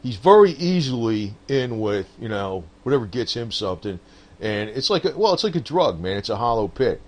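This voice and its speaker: Man, casual political rant, lively swinging pitch, profane and laughing, loose delivery. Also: moderate pace. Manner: rambling, profane, laughs often, frequent "man" and "I don't know". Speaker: political commentator. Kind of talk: casual rambling monologue.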